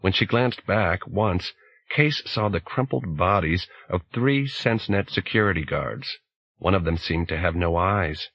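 A man narrating an audiobook in a measured, deliberate way. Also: deep voice, fairly bright tone, breathy edge, no echo.

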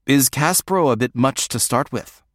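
A man's voice: mid-range voice, moderate pace, dry recording, studio quality, natural voice. A man voicing a friendly, easygoing teacher speaking to a colleague. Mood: confiding.

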